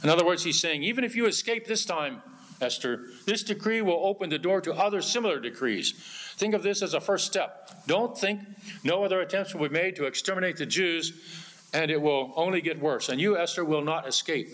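A man's voice: fairly high pitch, lively intonation, a little fast, a bit bright. A man preaching an earnest sermon, often quoting scripture in old-fashioned wording. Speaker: pastor.

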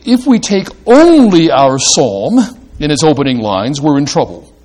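A man preaching a sermon slowly and deliberately, rising to emphatic bursts and reading verse aloud. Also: fairly high pitch.

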